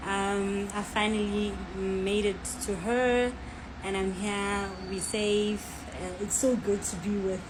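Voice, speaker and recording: A woman's voice: medium pitch, steady tone, slow, noisy background. A woman, speaking in a relieved, grateful tone in a casual vlog. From South Africa.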